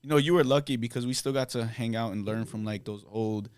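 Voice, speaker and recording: A man's voice: mid-range voice, fast talker, darkish tone, smooth, no echo, clean studio sound. An American man in his thirties, a podcast guest, chatting casually and agreeing a lot, swearing freely. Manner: easygoing, many affirming "yeah"s, swears casually. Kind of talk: casual chat.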